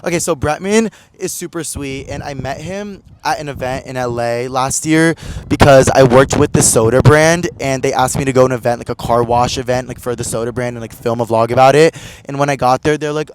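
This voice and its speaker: A man telling a casual storytime vlog, chatty and animated, acting out other people's lines in a higher voice. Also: fairly quick, smooth, dry recording. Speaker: vlogger.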